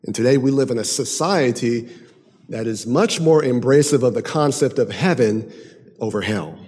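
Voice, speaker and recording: A man preaching a sermon emphatically, moving from loud declaiming to hushed, intense passages. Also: mid-range voice, normal speed, husky. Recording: long hall reverb.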